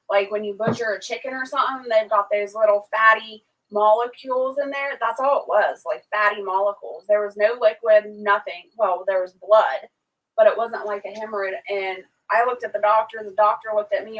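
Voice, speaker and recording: A woman's voice: far from the mic, low-quality recording. A woman hosting a livestream, casually telling a long story and acting out what people said. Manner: animated, acts out quotes with raised pitch.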